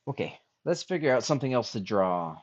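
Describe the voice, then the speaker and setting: A man chatting casually on a drawing stream, musing aloud softly as he sketches. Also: medium pitch, very animated, fairly quick, no room sound, lo-fi sound. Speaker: streamer and artist. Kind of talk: casual chat while drawing.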